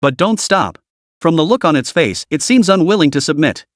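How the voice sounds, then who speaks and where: A man's voice: on the high side, animated, normal speed, dry recording, clean studio sound, lightly acted. A man voicing a young male beast tamer who gives cold, indifferent commands.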